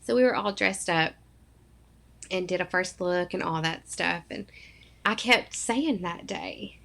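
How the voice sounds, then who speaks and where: A woman in her thirties, from Arkansas, tells a deeply personal story as a podcast guest. Her voice sits fairly low and has a gravelly, creaky texture. She talks earnestly and acts out the words of the people in her story. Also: measured pace, a bit bright. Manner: earnest, emotional storytelling with acted-out quotes.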